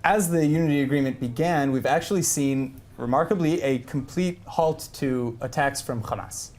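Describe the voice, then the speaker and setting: A man's voice: mid-range voice, normal speed, darkish tone. A man hosting a live news panel discussion, speaking with frequent hesitations and restarts. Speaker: news host.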